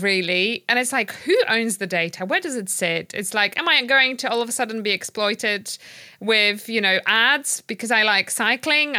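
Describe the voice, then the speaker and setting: Skeptical woman co-host, bright and slightly high voice, animated delivery. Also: dry recording, studio quality. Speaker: podcast co-host. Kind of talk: casual podcast discussion.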